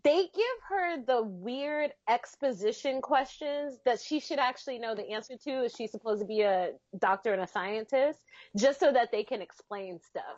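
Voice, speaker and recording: A woman's voice: a little high, expressive, normal speed, darkish tone, no room sound, muffled recording. A woman co-hosting a casual TV recap podcast, chatty, laughing often and saying y'all. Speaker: podcast co-host. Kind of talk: casual chat.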